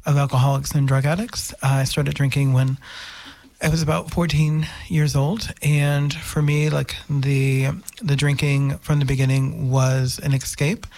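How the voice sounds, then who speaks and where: A man's voice: mid-range voice, flat delivery, measured pace, a little mellow, no echo. A man from New Orleans sharing his story of drinking on a radio show, reflective, with many hesitations. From New Orleans, United States. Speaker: meeting member sharing. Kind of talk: personal testimony on community radio.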